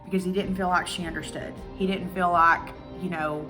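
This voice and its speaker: A woman's voice: on the low side, fairly quick, music in the background. A woman vlogger casually retelling a true-crime documentary, acting out quotes and swearing freely. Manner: chatty, animated retelling with acted-out quotes and swearing.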